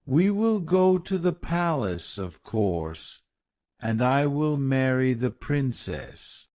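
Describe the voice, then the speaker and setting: A man's voice: medium pitch, big pitch swings, takes it slowly, a little mellow, no room sound, studio quality, voice pushed up. A man voicing a confident, cheerful magical talking head in a storybook reading, raising his voice for it. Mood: reassuring.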